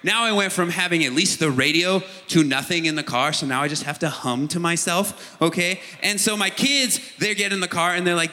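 A man's voice: fairly high pitch, animated, fairly quick, hardly any pauses, sharp tone. A middle-aged man preaching a sermon, telling a personal story in a conversational way. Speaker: pastor. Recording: long hall reverb.

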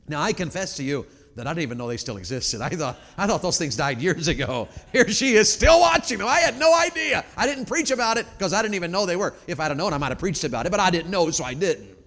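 A middle-aged man preaching a revival sermon, telling folksy stories that move from quiet talk to loud shouting. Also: on the low side. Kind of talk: sermon with storytelling. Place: large church auditorium. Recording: long hall reverb.

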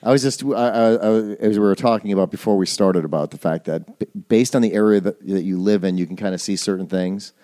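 A man's voice: on the low side, quick pace, few pauses, warm tone, dry recording, studio quality. A man hosting a podcast in casual chat, rambling and breaking off his own sentences. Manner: rambling, self-interrupting storyteller. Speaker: podcast host.

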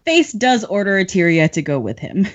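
Lively woman recapping chapters, lo-fi. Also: medium pitch, normal speed. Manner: chatty, laughs often between lines. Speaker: podcast host summarizing chapters. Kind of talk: casual book recap.

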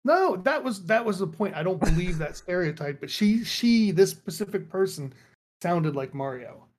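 Man, podcast co-host, casual chat, higher-pitched voice, animated storytelling. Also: normal speed.

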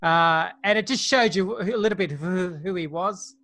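A man's voice: high voice, moderate pace, sharp tone. A man hosting a podcast, enthusiastic and moving the segments along. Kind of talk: casual podcast chat.

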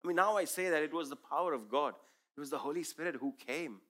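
A man whose first language is Urdu preaches a testimony in an earnest, emphatic storytelling manner. His voice sits a little higher than most men's. He addresses the congregation directly, building each point with conviction. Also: expressive, quick pace, a bit bright. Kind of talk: sermon testimony.

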